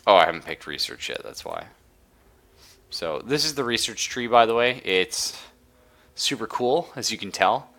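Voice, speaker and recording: His voice is on the low side and swings widely in pitch, with a fairly bright tone at normal speed. He's a man streaming a strategy game live, casually and enthusiastically explaining the mechanics while playing.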